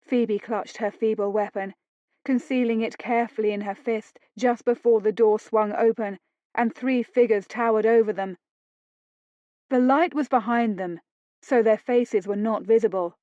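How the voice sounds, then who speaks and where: A woman narrating an audiobook romance in a slow, deliberate reading. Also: on the high side, steady tone, mellow, no echo, lo-fi sound.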